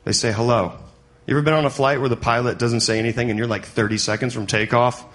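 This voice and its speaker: A man's voice: mid-range voice, fairly even intonation, quick pace, a bit bright. Conversational male stand-up comic. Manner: conversational, jumps to yelped punchlines. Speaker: stand-up comedian. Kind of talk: stand-up comedy. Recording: noisy comedy club recording.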